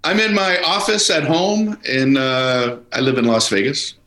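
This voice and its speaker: A man's voice: mid-range voice, steady tone, unhurried, sharp tone, echoey room, low-quality recording. A man, a comedian guest, telling rambling anecdotes in casual chat and acting out the dialogue, from his home office.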